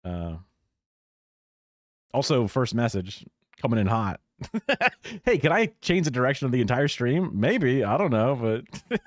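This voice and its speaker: A man with a mid-range voice and big pitch swings speaks at a moderate pace with long pauses, recorded in studio quality without echo. Hosting a live reaction stream from his home setup, he talks casually, voicing strong opinions with swearing and chuckles mixed into his rants.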